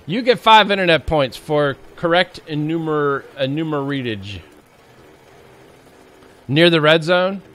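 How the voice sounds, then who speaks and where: Man, game streamer, playful chat, slightly high voice, slow easy pace. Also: animated, fairly bright tone. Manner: playful, jokey, talks to chat and to the zombies. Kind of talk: casual live gameplay commentary.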